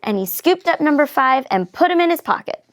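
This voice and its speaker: A woman reading a children's picture book aloud in an expressive, lively storytelling manner. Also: sits high, a little fast. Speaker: reader.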